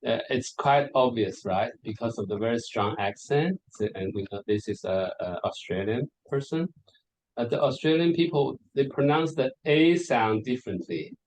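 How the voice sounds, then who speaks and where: A man's voice: mid-range voice, expressive, moderate pace, darkish tone, poor audio. Hesitant male lecturer giving a presentation. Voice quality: hesitant, with many repeated words and fillers. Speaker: lecturer presenting on English varieties. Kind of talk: conference presentation.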